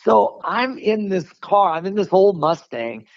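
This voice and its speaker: A man telling a story in a casual, animated way, often laughing and restarting his sentences. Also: high voice, measured pace, vocal fry, lo-fi sound. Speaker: martial arts instructor, podcast guest.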